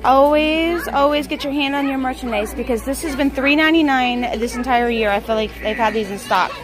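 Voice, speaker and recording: A woman's voice: high voice, low-quality recording. A young woman on a casual shopping vlog, chatting and rattling off prices, filmed on a handheld camera in a large store. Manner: chatty, reads out prices quickly. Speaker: vlogger. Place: large store with loud music. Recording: loud store music behind.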